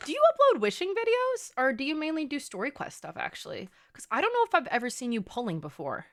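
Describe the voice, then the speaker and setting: Young woman, game streamer, casual chat with viewers, bouncy lively pitch, playful and swears a lot. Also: fast.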